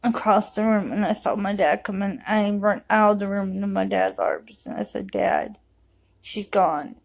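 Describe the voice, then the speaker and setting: A grieving mother telling a personal story to camera in a raw, emotional way, sometimes rushing her words. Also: mid-range voice, lively intonation, creaky, low-quality recording. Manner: raw, emotional retelling, rushed bursts.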